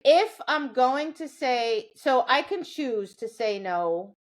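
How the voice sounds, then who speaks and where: A woman dog trainer co-hosts a podcast in casual chat, explaining training chattily and often checking in with "right?". Her voice sits high and sounds animated, though she takes it slowly.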